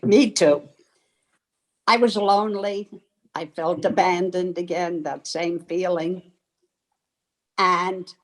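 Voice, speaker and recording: An older woman from Germany telling her life story in a slow, reflective, heartfelt way over a video call. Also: lowish voice, vocal fry, low-quality recording. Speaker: interviewee. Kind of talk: personal storytelling.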